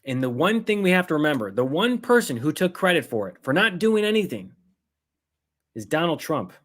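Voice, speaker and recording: A fairly high-voiced man on a livestream, ranting hotly. He curses freely and slips into mocking impressions of the people he attacks. The delivery is fired up and scornful. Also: very animated, brisk, fairly bright tone. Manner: heated, swearing, sarcastic mimicry. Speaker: political commentary host. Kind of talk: angry livestream rant.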